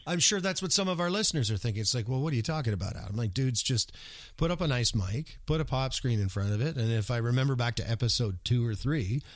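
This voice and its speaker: A man's voice: medium pitch, a little fast, no echo, clean studio sound. A man co-hosting a podcast, chatting casually and joking playfully. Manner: lively, joking, playfully mocking. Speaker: podcast co-host.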